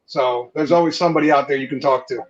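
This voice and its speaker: A man's voice: on the high side, fast talker. A man with a New Jersey accent speaks in a somewhat raised voice, earnest and easygoing as a guest on a video call. His audio comes through dull and lo-fi. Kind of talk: casual video call chat.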